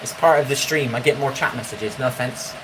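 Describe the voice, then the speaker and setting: A man's voice: mid-range voice, brisk, heavy background noise. A man, chatting casually with viewers on a live stream, bantering and swearing now and then. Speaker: livestreamer reading chat.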